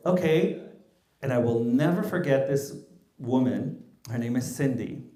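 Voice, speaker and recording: Storytelling man, mellow voice, roomy echo. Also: medium pitch. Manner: mixes English and Mexican Spanish, lively anecdotes. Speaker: small business founder, panel guest. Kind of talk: animated panel storytelling.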